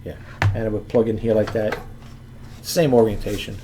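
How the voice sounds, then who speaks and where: A man's voice: lowish voice, fairly even intonation, moderate pace, background noise. A man casually showing an item to the camera for his online selling channel, rambling and often restarting sentences while he handles the item, sometimes turning away from the mic. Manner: rambling, chatty, often restarts sentences and addresses viewers as folks and guys. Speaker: eBay seller vlogger. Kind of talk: casual product demo to camera.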